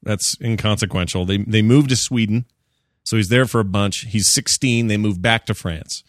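A man hosting a casual movie chat, joking and animated, with silly put-on voices when he quotes people. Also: fairly low pitch, normal speed, no echo, studio quality.

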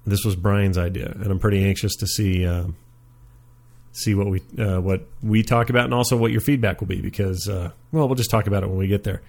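A man's voice: fairly low pitch, steady tone, brisk, creaky, a little mellow. A man hosting a casual gaming podcast, chatty and rambling with frequent fillers. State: stuffed up after a sneeze. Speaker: podcast host.

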